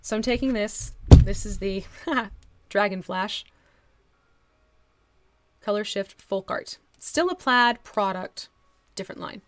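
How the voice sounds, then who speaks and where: A woman from northwestern New Jersey, with a local accent, demonstrates miniature painting on a live stream, chatting casually, laughing easily, and thinking aloud as she works. Her mid-range voice moves at a slow pace, with slight background noise.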